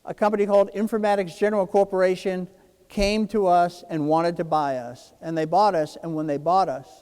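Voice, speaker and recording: A man's voice: high-pitched, a little fast, clean tone, big-room sound. A man in his sixties from New Jersey gives a keynote speech, telling a personal story and acting out the dialogue. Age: 60s. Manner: animated, acts out quoted dialogue. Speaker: keynote speaker.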